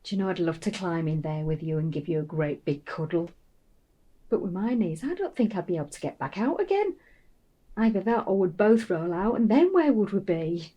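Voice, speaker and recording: A tender, hushed grieving mother. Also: on the low side, animated, slightly rough, muffled recording. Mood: gentle, warm. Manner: soft, hushed, often whispering, halting. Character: grieving middle-aged mother, tender and gentle. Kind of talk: film drama monologue.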